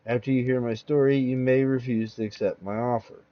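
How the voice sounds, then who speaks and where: A man voicing a shaky, secretive man confessing in the dark. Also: medium pitch, steady tone, brisk, highs cut off, close to an everyday voice. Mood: tense confession. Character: nervous, secretive man with a split personality.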